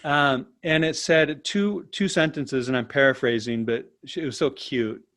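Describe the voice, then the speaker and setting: A man as an interview guest, telling a personal story in a lively, casual way and often tagging his sentences with "right?". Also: mid-range voice, normal speed. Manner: animated, tags sentences with "right?".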